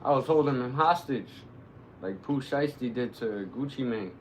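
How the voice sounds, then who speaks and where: A man streaming live, commenting on his gameplay, who bursts into excited, cursing shouts at the action. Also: medium pitch, moderate pace, a little hiss or hum, poor audio. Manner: excitable, swearing, shouting reactions to the game.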